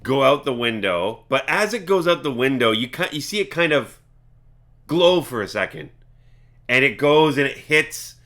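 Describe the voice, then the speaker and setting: Bright-voiced man running a tabletop game. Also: mid-range voice, animated. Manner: halting, filler-heavy narration. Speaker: dungeon master.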